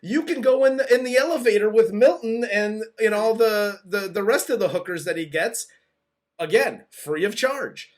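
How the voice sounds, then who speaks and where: A man's voice: high-pitched, lively intonation, normal speed. A man co-hosting a casual movie review, recapping the plot in a loose, rambling way with restarts. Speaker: podcast co-host.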